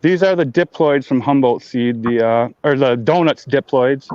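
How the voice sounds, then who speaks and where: A man chatting casually on a live stream, rambling and repeating words, high and talking with a blunt in his mouth. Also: normal speed, darkish tone, no room sound, lo-fi sound. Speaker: grower showing plants on a live stream.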